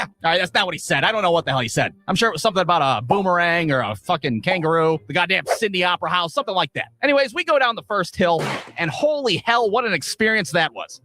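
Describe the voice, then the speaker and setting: A man telling a comedic story from the United States, in a profane, animated rant. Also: sits high. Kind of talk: comedic monologue.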